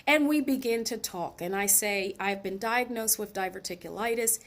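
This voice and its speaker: A woman hosting her own show, telling a personal story in a casual, animated way and addressing her viewers directly. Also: mid-range voice, normal speed. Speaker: host.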